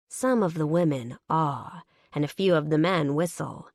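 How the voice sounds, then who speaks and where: A woman narrating an audiobook in the first person, measured and wry. Her voice sits a little low and the recording is dry and close, with no room sound. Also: darkish tone, no room sound.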